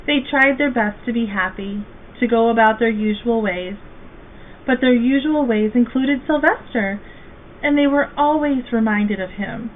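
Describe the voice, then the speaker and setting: A woman reading a children's storybook aloud as a guest reader, slow, gentle and expressive. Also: on the high side. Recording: tinny phone-like, faint hiss.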